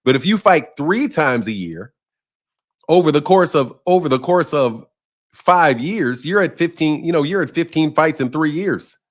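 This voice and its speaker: A man's voice: on the high side, animated, moderate pace. Chatty man hosting a boxing livestream. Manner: conversational, repeats himself, addresses chat by name. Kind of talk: casual livestream commentary reading chat.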